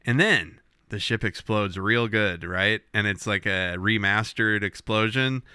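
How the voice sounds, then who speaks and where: A man co-hosting a podcast, recapping a TV episode in casual chat, animated and swearing as he acts out characters' lines. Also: lowish voice, measured pace, smooth, dry recording, clean studio sound. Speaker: podcast co-host.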